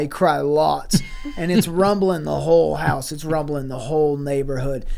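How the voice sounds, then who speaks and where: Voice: mid-range voice, gravelly, a little mellow. A podcaster improvising a rambling, profane comic story, giggling between lines. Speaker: podcast co-host or guest.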